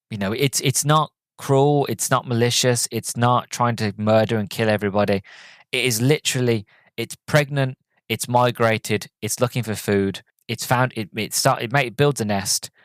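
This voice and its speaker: A man's voice: mid-range voice, no room sound. A man hosting a podcast, giving a casual, rambling movie review that keeps wandering off on tangents. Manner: rambling, goes off on tangents, many fillers and restarts. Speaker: podcast host.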